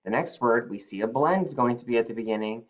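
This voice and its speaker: A male teacher giving a phonics spelling lesson, slowly stretching out the sounds of each word. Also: mid-range voice, lively intonation, lo-fi sound.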